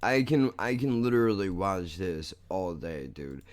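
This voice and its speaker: A man hosting a podcast, chatting casually and excitably with lots of swearing and laughter as he reacts to clips. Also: low voice, measured pace. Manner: excitable, profane, laughs often. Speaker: podcast host.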